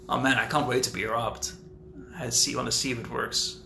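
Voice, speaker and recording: A man hosting a casual live question-and-answer stream about his book, rambling and thinking out loud as he talks. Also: mid-range voice, fairly even intonation, normal speed, vocal fry, pauses often, a little hiss or hum. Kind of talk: casual livestream chat. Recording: roomy echo with faint ambience.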